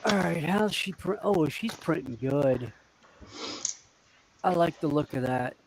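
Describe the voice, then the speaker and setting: A man's voice: fairly high pitch, takes it slowly, creaky, a little hiss or hum, rough recording. A man telling stories in a casual chat and acting out the quotes as he goes. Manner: animated, acts out quotes in his stories.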